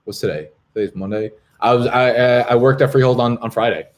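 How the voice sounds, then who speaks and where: This fantasy football live stream is hosted by a man in his twenties with a medium-pitched, brisk voice, broadcasting from a Brooklyn apartment. He reads comments and chats with viewers casually, rambling and cursing between jokes.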